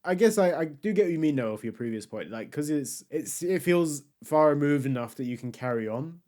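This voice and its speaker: A man's voice: a little high, lively intonation, fairly quick, darkish tone. A man co-hosting a casual podcast chat, rambling with many fillers and restarts, and laughing often. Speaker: podcast co-host.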